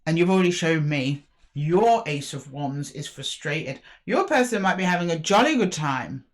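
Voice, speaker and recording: A woman's voice: deep voice, moderate pace. A woman giving a casual, chatty tarot reading, speaking straight to the viewer. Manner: chatty, animated, talks directly to viewer. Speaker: tarot reader.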